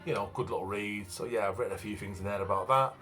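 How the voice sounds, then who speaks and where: A quick-paced man with a lowish voice speaks in a broad Manchester accent. In his fifties, this Manchester vlogger and author talks about himself in a blunt, casual way, leaning on lots of fillers, and faint background music can be heard.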